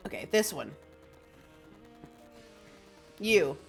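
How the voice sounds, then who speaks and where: Jittery woman streamer with lively pitch. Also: extremely slow, creaky, soft background music. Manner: nervous, swearing, self-deprecating, restarting sentences. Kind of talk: casual let's-play chatter.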